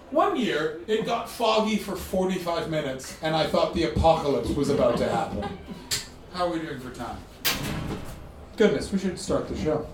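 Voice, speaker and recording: A man's voice: mid-range voice, background noise. Chatty man doing stand-up, roomy sound. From Canada. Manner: animated, chatty storytelling with frequent laughs. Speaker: stand-up comedian. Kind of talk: stand-up comedy with crowd work. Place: live comedy venue with an audience. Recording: roomy, distant stage sound.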